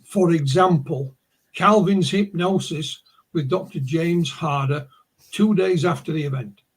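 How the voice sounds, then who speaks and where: A man's voice: on the high side, measured pace, breathy edge. A man with a Yorkshire accent, a guest on a video call, telling stories in a rambling way with many restarts. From Yorkshire, England. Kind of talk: casual conversation, storytelling.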